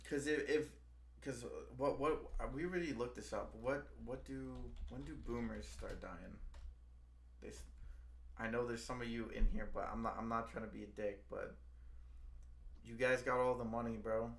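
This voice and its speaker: A man's voice: medium pitch, fairly even intonation, normal speed, gravelly. A young man hosting a casual stream chat, rambling and calling people bro. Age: young adult. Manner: rambling, says bro, frequent restarts. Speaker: stream host.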